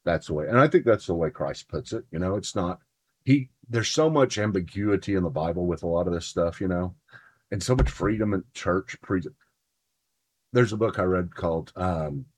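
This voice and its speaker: A man's voice: deep voice, moderate pace, darkish tone, slight background noise. A man hosting a podcast, talking theology in a casual, earnest way with his spouse and building to emphatic points. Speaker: podcast host. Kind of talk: casual theology chat, partly read from notes.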